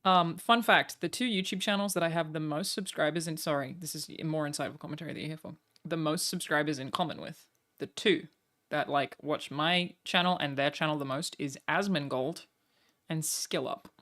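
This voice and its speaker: Young woman streamer, bright crisp tone, self-mocking and chatty, fast asides. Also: low-pitched. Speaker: streamer reacting to a broadcast. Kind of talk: casual live-stream chat.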